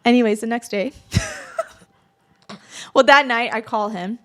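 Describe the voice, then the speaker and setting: A young woman with a high, bright-sounding voice tells a personal story in casual podcast chat. She acts out what relatives said with lively, exaggerated voices, then drops back into plain, quieter storytelling. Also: unhurried. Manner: animated, quotes family members in exaggerated voices. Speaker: podcast host.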